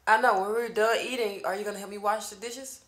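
A woman's voice: mid-range voice, steady tone, fast talker. A woman hosting a casual mukbang at home with her child, talking to the camera in a playful, teasing way. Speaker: mukbang host and mother. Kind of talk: casual chat to camera while eating. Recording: echoey room.

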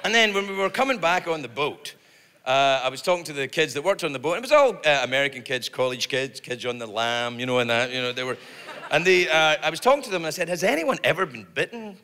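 A middle-aged man with a Scottish accent telling a stand-up story in an animated way, sometimes jumping into shrieking high voices. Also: fast. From Scotland. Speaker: stand-up comedian. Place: large theater stage. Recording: reverberant hall with loud audience noise.

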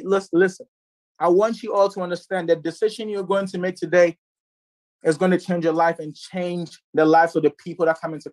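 Young guy hyping a sales pitch on a call, high voice, preachy and repetitive, dry mic. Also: darkish tone, dry recording. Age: 20s. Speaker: network marketing presenter.

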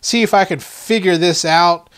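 A man's voice: high-pitched, moderate pace, fairly bright tone, clear, resonant tone. Rambling, chatty man reviewing toys. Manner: rambling, easily sidetracked, chatty. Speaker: toy reviewer. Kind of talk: casual unboxing review.

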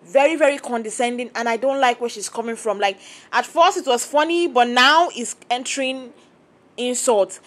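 Brief: young woman, reality TV reaction vlogger, chatty and opinionated, voice on the higher side. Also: moderate pace. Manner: chatty, opinionated, animated quoting of cast members. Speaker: reality TV commentator. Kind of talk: casual reaction vlog.

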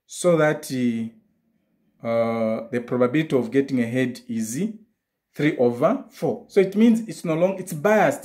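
A man's voice: mid-range voice, animated, normal speed, a little mellow, reverberant, poor audio. A man teaching a maths lesson, explaining step by step, often restarting and repeating key phrases.

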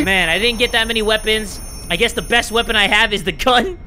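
Young male gaming commentator, high and bright, rowdy swearing and yelling at the game, faint music bed. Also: a little fast, few pauses. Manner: reads game text aloud in a mock-dramatic tone. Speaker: gaming YouTuber. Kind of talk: gameplay commentary.

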